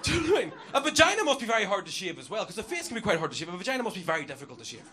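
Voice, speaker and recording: In a high, very animated voice, a young male stand-up comic works a live club audience with crude, rowdy material, acting out little characters in quick bursts. Laughter and cheering from the crowd fill the background.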